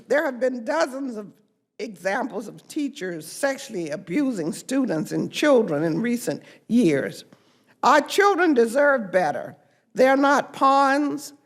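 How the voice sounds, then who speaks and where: An older woman, a congresswoman, giving an emphatic, deliberate press conference speech. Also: a little high.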